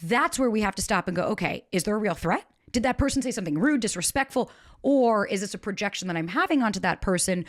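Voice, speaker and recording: A woman's voice: mid-range voice, quick pace. Chatty woman podcast host. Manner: candid, animated storytelling with swearing. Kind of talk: casual conversation.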